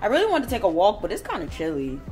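A woman's voice: medium pitch, wildly swooping pitch, very fast, a little mellow, soft background music. A woman vlogging a story from home, ranting in a heated, profane way. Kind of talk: storytime vlog. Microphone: camera.

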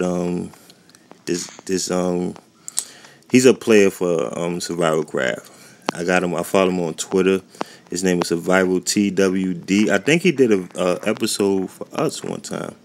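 A man with a low, deep voice talks casually over a game, rambling and often losing his thread. His voice has a gravelly, creaky edge. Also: darkish tone. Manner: rambling, chatty, loses his train of thought. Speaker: gaming YouTuber. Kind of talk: casual gameplay commentary. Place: warm indoor room at home.

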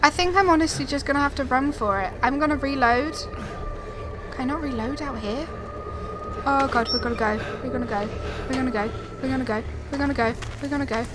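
High-voiced jittery young woman gamer. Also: a little fast. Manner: frightened, rambling, repeats herself, talks to viewers. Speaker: gaming video creator. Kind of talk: live horror game commentary. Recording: noisy background.

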